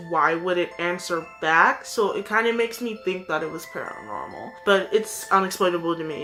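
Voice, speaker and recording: A chatty woman vlogger tells a story in a loose, casual way, full of "like" and restarts. Her voice is bright and crisp. Faint music plays underneath. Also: mid-range voice. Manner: chatty, lots of "like" fillers.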